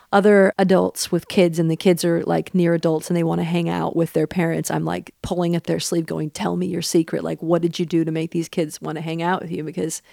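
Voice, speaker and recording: A woman's voice: lowish voice, gravelly, darkish tone, no room sound, studio quality. A woman in her thirties with a Southern accent, speaking as an interview guest in an earnest, reflective way. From Pacific Northwest. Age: 30s. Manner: earnest and reflective, with frequent fillers. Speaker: interview guest, country singer. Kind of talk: thoughtful interview talk.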